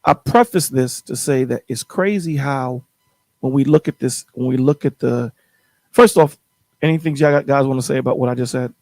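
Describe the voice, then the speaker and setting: A man's voice: medium pitch, fairly quick, a little mellow, no echo. A man hosting a call-in show, telling a story in casual chat, rambling and repeating his words.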